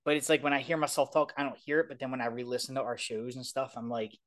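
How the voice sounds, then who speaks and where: A man's voice: medium pitch, flat delivery, quick pace. Casting: Baltimore-born man, thick local accent, loose rambling podcast co-host. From Baltimore, Maryland. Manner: rambling, filler-heavy, many "like"s. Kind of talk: casual chat.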